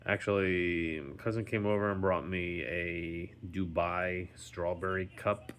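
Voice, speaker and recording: A very deep-voiced man talks in a slow, unhurried way. He rambles through a casual daily vlog, full of ums and restarts, sounding tired as he recovers at home. A faint hum of room noise sits behind him. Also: level tone, a bit bright. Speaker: vlogger.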